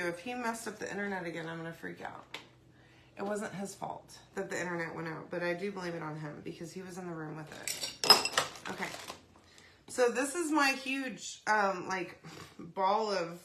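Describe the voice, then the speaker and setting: A woman hosting a casual craft video, chatty and rambling, often saying "y'all" and "okay?", her throat dry and clearing often. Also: fairly low pitch, background noise. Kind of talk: casual craft demo chat.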